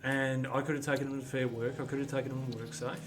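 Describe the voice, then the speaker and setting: A man casually telling a story while playing a game, acting out both sides of arguments in a lively way. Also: medium pitch, fast. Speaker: gaming channel host. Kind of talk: casual storytelling over gameplay.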